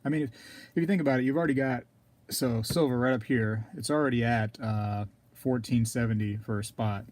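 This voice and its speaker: Rambling man clearing his throat. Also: mid-range voice, fairly quick, a little mellow. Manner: rambling, talks to viewers in chat, clears throat often. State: throat scratchy, keeps coughing. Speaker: live stream host. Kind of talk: casual live stream chat.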